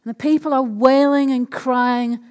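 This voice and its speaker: Preaching in a conversational manner, a woman keeps checking in with her listeners through questions, her fairly high voice sounding a little mellow with a clean tone. She speaks at a moderate pace with fairly even intonation, and a long church-hall reverb carries the sound.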